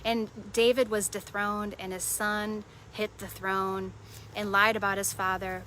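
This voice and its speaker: A woman's voice: medium pitch, little pitch movement, unhurried, sharp tone, slight background noise. A woman preaching a devotional sermon in an earnest way, repeating short phrases for emphasis.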